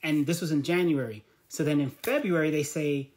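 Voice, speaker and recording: A man's voice: a little high, normal speed, hardly any pauses. A man, a guest in an interview, talking casually about his work as an artist and educator, and telling his story with quoted dialogue. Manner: lively storyteller who acts out quoted dialogue.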